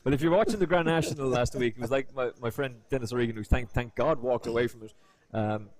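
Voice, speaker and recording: A man's voice: mid-range voice, fast talker. A man commentating live poker, a chatty storyteller who slips into voices.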